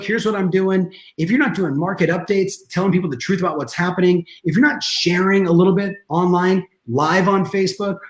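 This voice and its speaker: A man, a guest coach, telling a story in an energetic, emphatic way over a video call. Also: high voice, roomy sound. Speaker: guest real estate coach.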